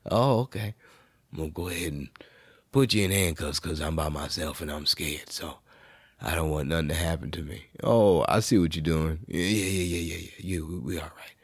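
A man putting on the voice of a nervous, fake-polite male police officer, hushed and mock-polite. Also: sits low, normal speed, husky, dry recording, pitched below the performer's own voice.

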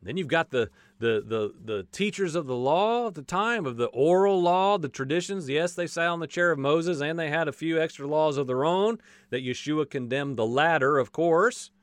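Folksy preacher guy, kinda high voice, acts out the voices, jokes around, no room echo. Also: normal speed, hardly any pauses. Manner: animated, acts out voices of people in stories; folksy, says "y'all" and jokes. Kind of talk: sermon.

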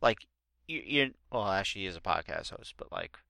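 A man co-hosting a podcast in casual chat, blunt and opinionated and quick to laugh. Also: low-pitched, expressive, vocal fry, bright, forceful tone, no room sound, studio quality. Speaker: podcast co-host.

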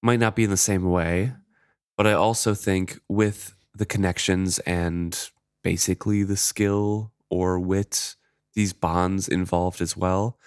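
A man on a podcast walks through a chapter and shares his thoughts, relaxed and considered. His voice sits low. The recording is dry, with no room sound. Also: slow, clear, resonant tone, no room sound. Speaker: podcast co-host. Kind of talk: casual chat retelling a book.

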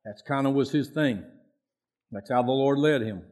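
Here a man preaches in a folksy way, circling back over the same points, his medium-pitched voice a little mellow and his speed normal. As a pastor, he acts out prayers by raising his voice.

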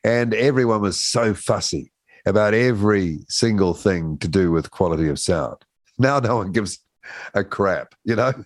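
A man's voice: fairly low pitch, animated, moderate pace, dry recording, studio quality. A man hosting a breakfast radio show, chatting and joking easily with a guest. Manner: joking, easygoing banter. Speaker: radio host. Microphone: studio microphone.

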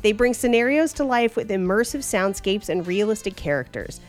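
A woman's voice: mid-range voice, normal speed, soft background music. A woman co-hosting a podcast, chatting casually with swearing and reading an ad. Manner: lively, irreverent, swears freely. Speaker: podcast co-host. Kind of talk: casual chat and read ad.

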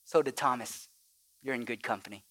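A man's voice: medium pitch, brisk, sharp tone. A male pastor preaching a sermon, with call-and-response and repetition that builds to emphatic peaks.

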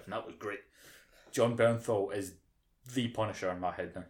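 A man's voice: fairly low pitch, steady tone, a little fast. A British man co-hosting a podcast, ranting casually with lots of swearing and mocking impressions. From United Kingdom. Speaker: podcast co-host. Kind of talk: casual chat.

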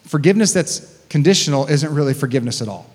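A man's voice: a little high, animated, fast talker, darkish tone, slightly rough. A man preaching a sermon as a pastor, reading scripture and breaking in with casual, conversational asides. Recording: long hall reverb.

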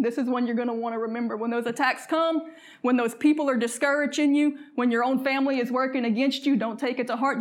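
Preaching with fervor, this woman slows down for scripture readings and invites the congregation to call back to her. Her pitch leans high, and her intonation stays fairly level.

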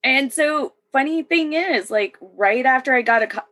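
A woman's voice: sits high, expressive, moderate pace, a bit bright. A woman in her thirties, a military veteran, talking as a guest in a casual chat and often laughing between sentences. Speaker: podcast guest.

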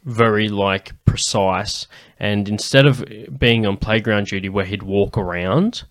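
A man's voice: lowish voice, steady tone, measured pace, a bit bright, no room sound. A man co-hosting a podcast in casual chat, laid-back and joking while reading out a segment. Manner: laid-back, reads a segment then jokes around. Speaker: podcast co-host.

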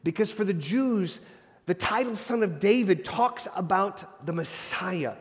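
A man's voice: sits high, lively intonation, unhurried. Man preaching with hall reverb. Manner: expository, shifts from emphatic to hushed. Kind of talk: sermon.

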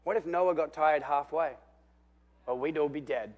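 A pastor preaches a sermon in a slightly high voice at a moderate pace. He tells the story with animation, swinging between loud and hushed while calling out for amens.

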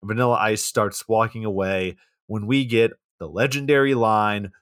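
A man's voice: on the low side, fairly even intonation, moderate pace, a bit bright, smooth, no room sound, clean studio sound. A man co-hosting a podcast, casually recapping a movie plot with swearing and asides. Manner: laid-back, recounts plot with swearing and asides. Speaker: podcast co-host.

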